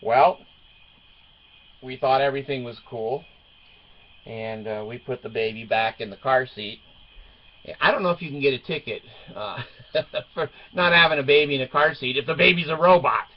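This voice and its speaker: A man's voice: medium pitch, moderate pace, long pauses. Wry middle-aged man, dull lo-fi sound. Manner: wry and joking, chuckles through his stories. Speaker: father telling a family story. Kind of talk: casual storytelling monologue. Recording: dull lo-fi recording.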